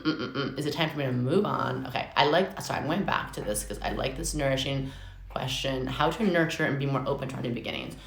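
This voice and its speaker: A young adult woman giving a casual live tarot reading, chatty and excitable, swearing often. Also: sits low. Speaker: tarot reader. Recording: echoey room with faint noise.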